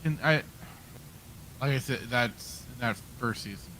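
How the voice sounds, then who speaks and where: A man co-hosting a casual podcast chat, animated, acting out quoted reactions. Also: mid-range voice, unhurried, slight background noise. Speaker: podcast co-host.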